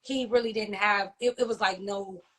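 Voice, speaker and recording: A woman speaking as an interview guest, telling of personal loss in a halting, heartfelt way, often pausing and asking whether she is understood. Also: mid-range voice, fairly even intonation, fairly bright tone. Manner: halting, heartfelt, many fillers and restarts, often asks "you know what I mean?". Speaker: interview guest, grieving mother and author. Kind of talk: emotional personal testimony in an interview.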